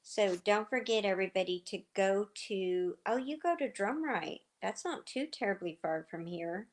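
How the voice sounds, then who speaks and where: A middle-aged woman hosting a livestream, chatting casually and telling rambling stories with lots of fillers, her voice slightly hoarse. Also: medium pitch, expressive, normal speed, few pauses. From southern United States. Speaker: livestream host. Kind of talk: casual chat with viewers.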